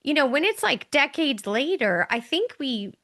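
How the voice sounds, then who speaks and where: Bright-voiced chatty woman, podcast host. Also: high voice, big pitch swings, measured pace. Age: middle-aged. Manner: chatty storyteller, acts out quoted voices. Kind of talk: casual conversational podcast.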